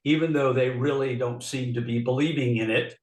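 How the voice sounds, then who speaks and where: A man in his sixties, a deacon hosting a faith podcast, affirming and quick to agree. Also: medium pitch, steady tone. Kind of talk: casual podcast chat. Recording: echoey room.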